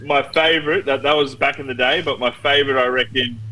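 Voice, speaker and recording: A man's voice: medium pitch, fairly even intonation, brisk, sharp tone. A man chatting casually on a podcast, rambling and teasing, with mate in every other phrase. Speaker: podcast co-host. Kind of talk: casual chat. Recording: very noisy call line.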